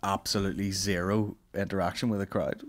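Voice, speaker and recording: Male podcast host, low-pitched, rambling, profane comic storyteller. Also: little pitch movement, a little fast. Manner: rambling storytelling, swears a lot, laughs often. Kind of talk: casual comedy banter.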